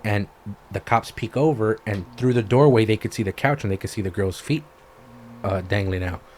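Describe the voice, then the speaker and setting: A man co-hosting a podcast, retelling a story in casual chat, animated and swearing freely. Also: on the low side, normal speed, slight background noise. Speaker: podcast co-host.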